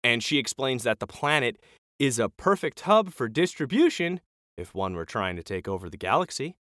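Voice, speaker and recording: A male podcast co-host casually retells a TV episode, animatedly acting out the lines as he goes. His mid-range voice moves at a moderate pace, and the recording is studio quality with no room sound.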